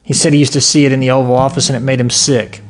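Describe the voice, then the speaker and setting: A man hosting an online show, delivering a heated, profane, shouting solo rant. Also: mid-range voice, flat delivery, racing, faint music behind.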